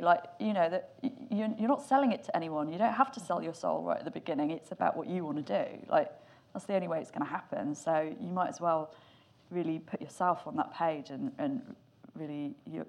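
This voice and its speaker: A woman's voice: deep voice, fairly quick, vocal fry. A woman speaking as a guest filmmaker on a panel in front of a live audience. She talks openly and with energy and swears now and then. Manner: candid, animated, swears casually. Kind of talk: panel discussion.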